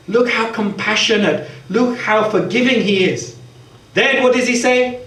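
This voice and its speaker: A man preaching a sermon, explaining verses point by point in a gentle, earnest way. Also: very high voice, moderate pace. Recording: echoey hall recording from far off.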